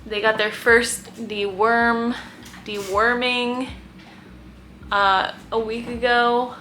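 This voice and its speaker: A fairly high, pushed and bright voice comes through with flat delivery and a very slow pace, over slight background noise. It belongs to a young woman who fosters kittens, casually chatting to camera in her guest room, full of "like" and cooing baby talk.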